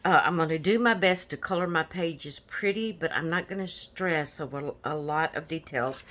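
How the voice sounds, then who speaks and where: A woman with a deep, fairly bright voice hosts a coloring channel. She chats casually about her finished pages, rambling in an easygoing way and using lots of fillers.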